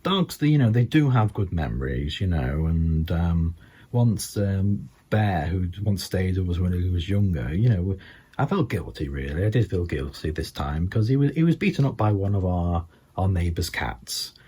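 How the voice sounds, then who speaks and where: Low, husky Scouse man telling deadpan jokes. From England. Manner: halting, full of ums and you-knows. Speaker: stand-up comedian. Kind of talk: deadpan stand-up storytelling.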